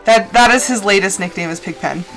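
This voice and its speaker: A woman's voice: medium pitch, fairly quick, music in the background, rough recording. A woman streamer chatting casually and rambling while she plays a game. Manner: rambling, chatty, animated asides. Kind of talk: casual chat while gaming.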